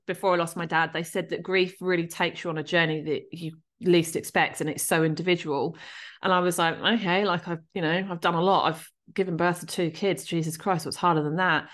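Woman, 30s, candid podcast guest; blunt and profane, laughs at herself, slightly low voice. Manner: frank, sweary, self-mocking humour. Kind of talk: candid personal podcast talk.

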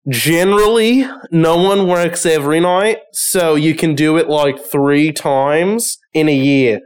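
A man's voice: a little high, takes it slowly, clear, resonant tone. A man voicing a mischievous young son who breezily gives sly advice and teases his mother. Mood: conspiratorial. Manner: breezy, teasing, confidently advising.

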